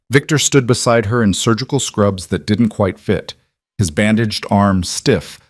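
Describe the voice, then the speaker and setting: A man reading a dramatic story as scripted narration, in an even, measured way. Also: on the low side, no room sound, clean studio sound.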